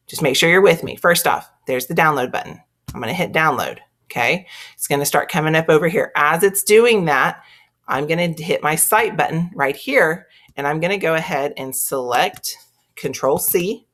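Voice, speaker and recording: A woman's voice: sits low, a bit bright. A woman with a Texas accent teaching a screen-recorded tutorial, chatting step by step through each click. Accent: Texan.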